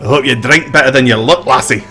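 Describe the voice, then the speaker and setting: Man voicing a teasing clansman, rough, hard-drinking, slightly raised voice, faint music behind. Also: mid-range voice, a little fast, sharp tone, natural voice. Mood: teasing boisterous.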